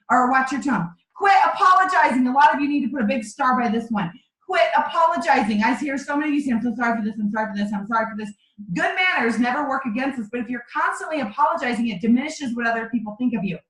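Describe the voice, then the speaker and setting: A woman with a high voice gives her team a pep-talk training over a video call. She talks in a direct, emphatic way that pushes her listeners. The sound is roomy, with echo off the walls. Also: expressive, fast, a bit bright. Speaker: sales team leader. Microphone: video call microphone.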